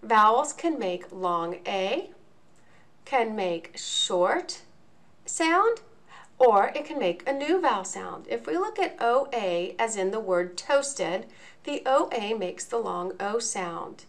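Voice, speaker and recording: A woman teaching a lesson in a video, explaining each point slowly and enunciating clearly. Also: on the high side, sing-song. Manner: slow, deliberate, clearly enunciated.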